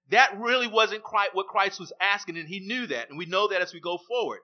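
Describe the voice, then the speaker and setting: A man's voice: high voice, expressive, brisk, hardly any pauses. A man preaching a sermon, emphatic and repeating his key phrases for weight. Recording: dull lo-fi recording.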